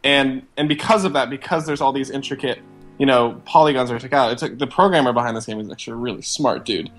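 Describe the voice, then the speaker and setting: A man's voice: medium pitch, fast talker, soft background music. Rambling man chatting on a podcast. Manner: rambling, enthusiastic, many fillers. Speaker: podcast co-host. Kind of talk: casual chat.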